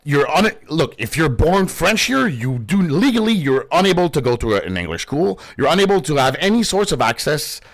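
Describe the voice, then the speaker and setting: Young male streamer, heated and foul-mouthed, very animated delivery, close dry sound. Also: fairly high pitch, no echo. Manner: passionate, profane, animated. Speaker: gaming streamer. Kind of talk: casual ranting commentary.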